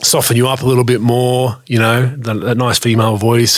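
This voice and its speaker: A man's voice: mid-range voice, flat delivery, brisk, dry recording, studio quality. A man with an Australian accent ranting bluntly, full of swearing, in a casual chat on a podcast.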